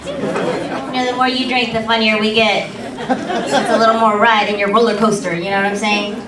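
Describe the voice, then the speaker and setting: A woman from the Philippines with a high, squeaky voice, doing a bawdy, playful stand-up set on a comedy club stage. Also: normal speed, far from the mic. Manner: bawdy, playful, crowd-teasing. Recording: echoey club recorded from afar, crowd laughter.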